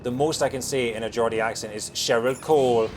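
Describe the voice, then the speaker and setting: A man with a Scottish accent softened by years in England, chatting quickly while streaming a game, with lots of fillers and restarts. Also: medium pitch, steady tone, faint music behind. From Scotland. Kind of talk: casual chat while playing a game.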